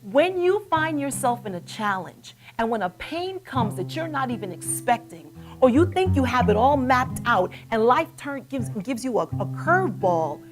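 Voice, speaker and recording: A woman's voice: on the high side, very animated, normal speed, hardly any pauses. A middle-aged woman hosting a live web talk show, telling a story with rising emphasis. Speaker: host. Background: soft guitar music.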